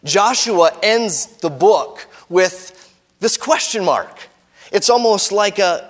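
A man preaching a sermon, reading scripture aloud and explaining it, his voice climbing for quoted lines and falling soft at the ends of phrases. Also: sits high, expressive, takes it slowly. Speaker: pastor. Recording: long hall reverb.

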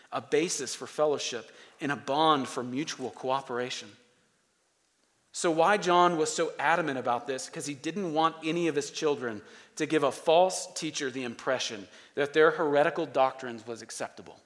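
A man with a fairly high voice preaches a sermon in a church sanctuary. He talks in a conversational but emphatic way, stacking short repeated phrases for stress. His voice carries with the long reverb of a large hall. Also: a bit bright. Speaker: pastor.

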